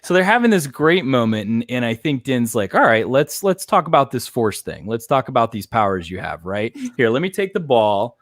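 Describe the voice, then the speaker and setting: A man hosts a casual reaction chat in a lively, sing-song way, his pitch swinging widely as he recaps scenes. He laughs often and slips into quick impressions of the characters. The sound is dry and close. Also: dry recording. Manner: animated, laughs often, acts out characters' lines. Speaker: podcast host.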